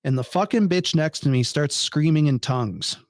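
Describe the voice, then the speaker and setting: A man as a podcast guest, telling a story in casual chat, animated and incredulous, swearing freely. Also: a little high, normal speed, dry recording, studio quality.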